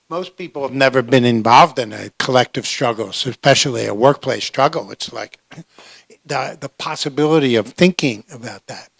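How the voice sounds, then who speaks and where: A man on a labor panel speaking deliberately, often clearing his throat as he tells a story. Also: mid-range voice, fairly bright tone, dry recording.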